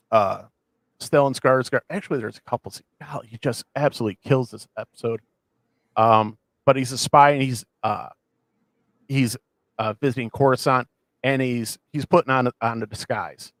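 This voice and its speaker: A man co-hosting a casual podcast, rambling with many restarts as he excitedly retells scenes. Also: mid-range voice, no room sound. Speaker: podcast co-host. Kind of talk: casual chat.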